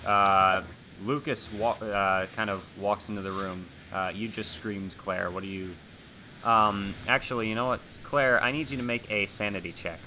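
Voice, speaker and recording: A man running a tabletop horror game as game master, relaxed, often asking the players what they do. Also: on the low side, normal speed, a little hiss or hum. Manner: relaxed, asks players questions, fillers.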